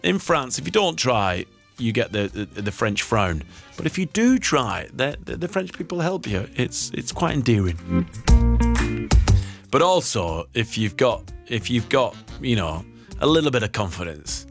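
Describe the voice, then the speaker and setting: Jokey studio radio host, man, animated delivery, quick with self-deprecating banter. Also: mid-range voice, music in the background.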